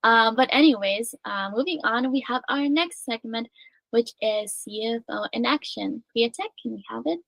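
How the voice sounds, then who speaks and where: A woman hosting a live radio show in a relaxed, casual way, with frequent ums and uhs. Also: fairly high pitch, moderate pace, gravelly, no echo, rough recording. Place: radio studio.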